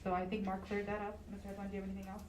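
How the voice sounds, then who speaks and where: A fast-talking woman runs a school board meeting, reading motions aloud and calling each member's vote. Her voice carries through an echoey meeting room with faint room noise behind it. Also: mid-range voice, monotone. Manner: brisk, reads resolutions and calls votes. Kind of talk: chairing a public board meeting.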